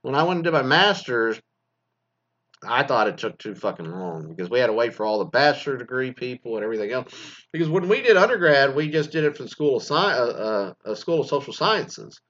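A man in his forties, a former teacher from Texas, ranting bluntly with constant swearing and animated storytelling. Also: medium pitch, fairly quick. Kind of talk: profane ranting monologue. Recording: slightly dull lo-fi recording.

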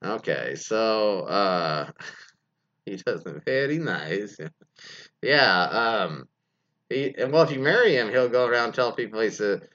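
A man's voice: on the low side, expressive, takes it slowly, long pauses, fairly bright tone. Guy riffing on listener stories, bouncy up and down voice, kinda muffled lo-fi sound. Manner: rambling, laughing, many fillers and restarts. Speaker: host reading listener stories. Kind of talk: casual comedic commentary.

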